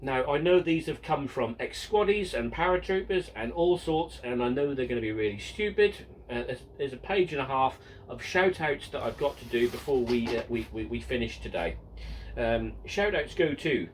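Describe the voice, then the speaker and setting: A man's voice: mid-range voice, expressive, moderate pace, far from the mic, low-quality recording. A man in his fifties hosting a casual Q and A, reading out viewer questions in a jokey, self-mocking way with many ums and restarts. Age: 50s. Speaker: model railway channel host.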